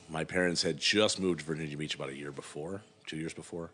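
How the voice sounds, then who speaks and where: A man's voice: a bass voice, steady tone, fast, sharp tone. A middle-aged man, a guest brewer, telling a long rambling story in a casual interview, full of fillers and acted-out quotes.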